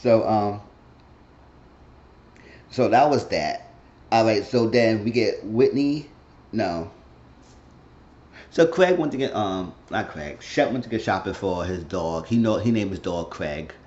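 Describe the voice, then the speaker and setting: Low-voiced man doing a rambling show recap. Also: takes it slowly, long pauses, a little mellow, highs cut off. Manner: rambling, retells scenes in quoted voices. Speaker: YouTube recap host. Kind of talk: casual reality show recap.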